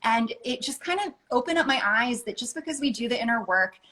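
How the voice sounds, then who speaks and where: A woman, a life coach, talking as a guest in a casual interview, earnest and enthusiastic and quick to laugh. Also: on the high side, animated, bright, forceful tone, rough recording.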